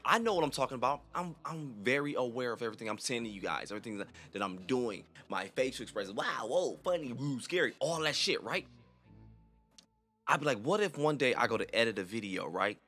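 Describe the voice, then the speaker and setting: Lively young man in fast slangy chat. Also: mid-range voice. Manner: animated, rambling, profane slang. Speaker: reaction video host. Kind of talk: casual reaction chat.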